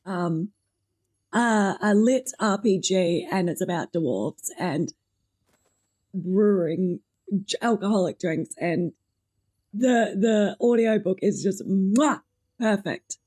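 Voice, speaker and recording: Australian woman streamer, bubbly game commentary, husky voice, slow talker, faint game music under it. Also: medium pitch. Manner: gushing, excitable, reads game lines aloud.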